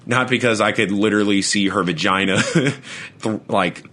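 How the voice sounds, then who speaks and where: A man's voice: on the low side, normal speed, fairly bright tone. A young man, co-hosting a podcast and telling rambling stories in casual chat, laughing often and stumbling over his words. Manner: rambling, laughs through his own stories, stammers and restarts. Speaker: podcast co-host.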